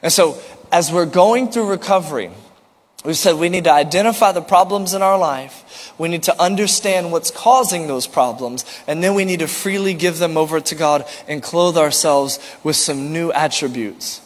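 A man's voice: fairly high pitch, normal speed, long reverb tail. A man preaching a sermon as pastor, earnest and repetitive, asking rhetorical questions and slipping in light jokes.

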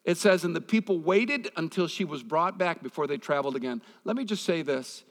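A man's voice: fairly high pitch, fairly quick, big-room sound. A male pastor preaching a conversational sermon, mixing scripture reading with personal stories.

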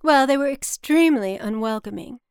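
A woman voicing a brash, blunt, paranoid middle-aged mother with a brassy, loud delivery. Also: high-pitched, lively intonation, normal speed, smooth, dry recording, clean studio sound, voice pushed up.

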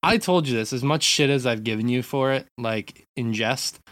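Man, rambling podcast co-host, mid pitch, dry close sound. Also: normal speed, a bit bright, no echo. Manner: rambling, full of fillers and restarts. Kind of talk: casual chat.

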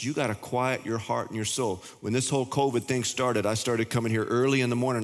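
Older male pastor, casual stumbling delivery, middle pitch, reverberant church hall. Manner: conversational preaching with repeated restarts. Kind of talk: sermon. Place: church sanctuary.

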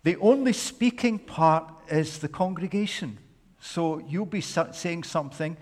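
A pastor with a somewhat high voice tells a parable with playful, animated asides. He speaks slowly and deliberately, and the long echo of a large church hall trails each phrase. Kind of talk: sermon with a dramatized parable reading.

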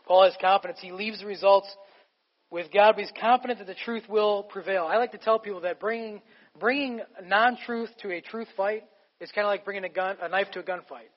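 A male pastor with a high voice, preaching emphatically in a relaxed, conversational way. His voice carries the long reverb of a large hall. The recording sounds a little muffled. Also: brisk. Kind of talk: sermon.

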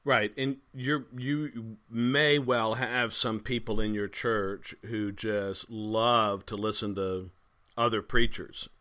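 A man's voice: on the low side, steady tone, slow pace, sharp tone. A man who is a pastor talking casually with another pastor, thoughtful and wry, often restarting his sentences. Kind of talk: casual conversation between pastors.

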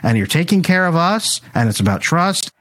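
A man's voice: a little high, moderate pace. A man on a casual talk podcast, telling parenting stories animatedly and acting out the lines he said to his children. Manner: animated storyteller acting out dialogue with his kids. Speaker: guest parenting speaker.

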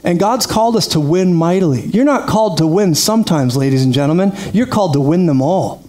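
A man preaching a lively sermon, energetic and quick to laugh, calling out praise to his congregation. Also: high-pitched. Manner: energetic, laughs often, calls out "praise God". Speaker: pastor.

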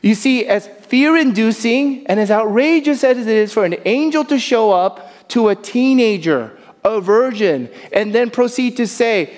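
A male pastor preaching a sermon in a church, animated, dropping to soft emphasis. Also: extremely high pitch, moderate pace, hardly any pauses, big-room sound. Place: church sanctuary.

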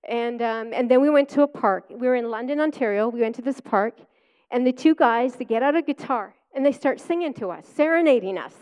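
A woman with a bright, high-pitched voice shares her testimony from the pulpit. She tells it like a chatty story, laughing often as she goes. She sounds middle-aged. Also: fairly quick, clean tone. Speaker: preacher. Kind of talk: personal testimony sermon.

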